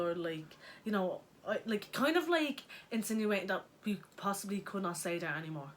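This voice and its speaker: A young woman of middling pitch recounts events in a chatty vlog conversation. She fills her talk with constant fillers. Faint room noise sits behind her. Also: lively intonation, normal speed, few pauses. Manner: chatty, full of likes. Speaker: vlog co-host. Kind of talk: casual storytelling chat.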